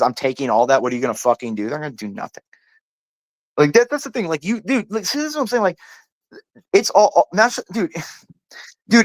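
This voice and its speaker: A panel host launches into a heated, rambling political rant, swearing freely and leaning on "like" and "dude" as he stammers and restarts when worked up. His fast voice sits a little high for a man and swings widely in pitch, recorded bone-dry and close with no echo.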